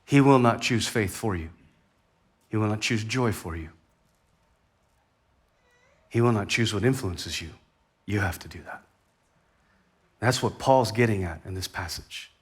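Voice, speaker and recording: A man's voice: fairly low pitch, measured pace, long pauses, breathy edge. Conversational male pastor preaching. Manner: conversational, animated with sudden rises and soft drops. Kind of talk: sermon. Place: church.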